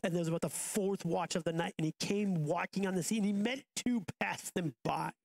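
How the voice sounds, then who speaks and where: A man's voice: high voice, fairly quick, vocal fry, a little mellow. A man in his thirties, a pastor preaching a sermon in a casual, conversational way, often restarting and going off on asides. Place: church auditorium.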